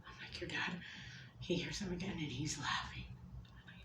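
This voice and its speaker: A mother telling a painful personal story, swearing often and shifting between hushed whispers and loud outbursts. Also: lowish voice, very animated, normal speed, roomy sound.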